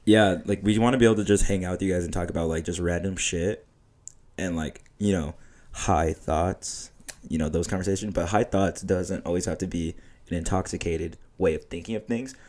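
Male podcast co-host, very low voice, relaxed slangy chat with frequent laughs. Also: brisk. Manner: laid-back, laughing, slangy. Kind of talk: casual chat.

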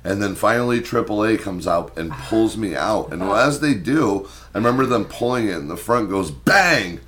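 A young man with a lowish voice co-hosts a casual podcast, telling a mishap story full of swearing. He jumps into loud, animated bits when he acts out his own past lines. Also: normal speed. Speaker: podcast co-host.

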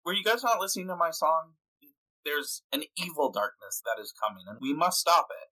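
A man's voice: a little high, expressive, a little fast, pushed and bright, pitched above the performer's own voice, low-quality recording. A man voicing an easygoing, chatty bard. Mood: eager. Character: cheerful wandering bard.

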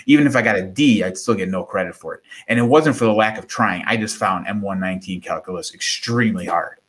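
Middle-aged guy, kinda low voice, telling a story animated, does little voices for people. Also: fast talker. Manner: animated, acts out quoted voices, repeats words. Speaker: guest. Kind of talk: conversational storytelling.

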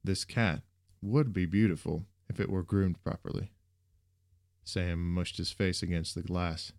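A man narrating a story in a steady, even reading voice. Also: sits low, measured pace, dry recording, clean studio sound.

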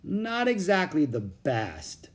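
A man's voice: high voice, big pitch swings, slow pace, mellow, pitched above the performer's own voice, full character voice. A man voicing a shy, polite, bookish young boy who speaks modestly and hesitantly.

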